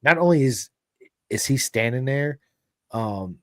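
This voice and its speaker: An American man hosting a podcast, telling stories in a loud, animated way and swearing freely. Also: medium pitch, a little slow, dry recording, clean studio sound. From United States. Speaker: podcast host. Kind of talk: casual storytelling chat.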